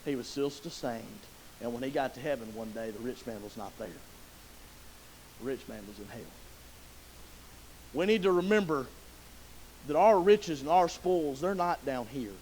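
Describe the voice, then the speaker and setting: A man preaching a sermon in a church, folksy and conversational, rising to loud emotional pleading. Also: mid-range voice, animated, moderate pace, pauses often, slight background noise, rough recording. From Southern US. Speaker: pastor. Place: church sanctuary.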